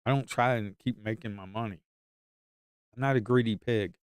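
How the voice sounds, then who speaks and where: A man's voice: lowish voice, moderate pace, clear, resonant tone, no room sound, studio quality. A man giving live stock trading commentary in an emphatic, repetitive way.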